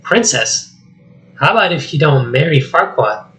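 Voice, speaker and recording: A man voicing a loud, jittery talking male donkey while reading a script aloud, with high excitable chatter. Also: a little slow, poor audio. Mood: chatty. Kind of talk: solo script reading with voices.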